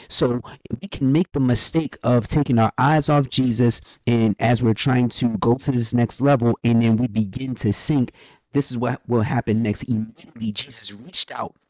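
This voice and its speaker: A man's voice: mid-range voice, a little mellow, dry recording. A man co-hosting a faith podcast, reading scripture and urging listeners with preacher-like repetition. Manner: preacherly, reads scripture aloud, urgent repetition. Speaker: podcast co-host. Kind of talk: faith-based podcast exhortation.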